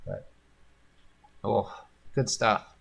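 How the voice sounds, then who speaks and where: A man's voice: fairly low pitch, steady tone, drawn-out words, vocal fry, a bit bright, breathy edge. A man hosting a painting livestream, chatting casually and rambling, with frequent laughs. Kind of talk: casual chat while painting.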